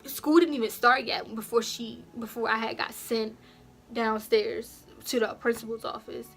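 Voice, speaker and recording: A young woman vlogger telling a casual story, acting out the quotes in louder, raised voices. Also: a little high, fairly even intonation, moderate pace, gravelly.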